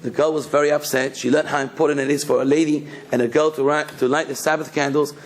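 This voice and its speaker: A man's voice: on the high side, level tone, quick pace. A male rabbi telling a story in a sermon and then urging his listeners.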